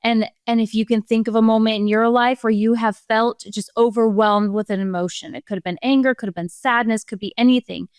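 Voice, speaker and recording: A middle-aged woman co-hosting a parenting podcast in casual chat, agreeing often and explaining calmly. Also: fairly high pitch, a little fast, hardly any pauses, clean tone, no echo, clean studio sound. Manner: warmly agreeing, frequent backchannels. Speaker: podcast co-host.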